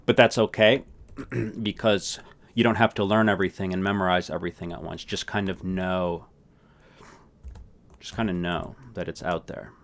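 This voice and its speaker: A man gives a relaxed language lesson, saying words slowly so listeners can practice and frequently asking "right?" to check in. His voice is low and his tone stays level.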